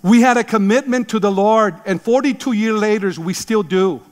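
Pastor, man in his 60s, emphatic sermon delivery, high voice, long hall reverb. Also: moderate pace. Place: church sanctuary.

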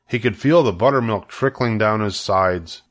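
A man's voice: fairly low pitch, normal speed. Grandfatherly man reading a storybook aloud. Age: older. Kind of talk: reading a children's book aloud.

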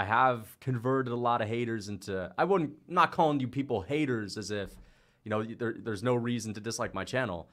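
A young man hosting a fight-reaction livestream, chatting loosely, swearing and reading out viewer donations. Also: mid-range voice. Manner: loose, swears often, excitable outbursts.

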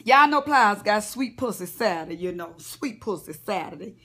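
A woman's voice: mid-range voice, expressive, moderate pace, pushed and bright, breathy edge. A woman vlogger lying in bed at home, gossiping about celebrities in a chatty, profane way and talking straight to her viewers. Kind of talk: casual celebrity gossip rant.

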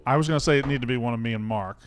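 A man's voice: medium pitch, rapid-fire, a little hiss or hum. A man with a Southern American accent, co-hosting a sports podcast, teasing his co-hosts with crude jokes. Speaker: podcast co-host. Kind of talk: casual chat.

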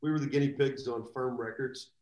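A man telling rambling, animated anecdotes as a guest in a live video chat. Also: mid-range voice, fairly quick, echoey room, low-quality recording. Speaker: guest drummer. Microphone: video call.

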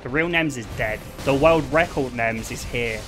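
A young man streaming live, chatting casually and excitably with his viewers and laughing often. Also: mid-range voice, moderate pace, music in the background. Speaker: livestreamer.

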